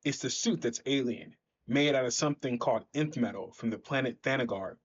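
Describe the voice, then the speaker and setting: A man voicing a gruff, blunt veteran winged hero who talks down to a newcomer, on a slightly dull recording. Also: medium pitch, a little fast, lightly acted. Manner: curt, lecturing.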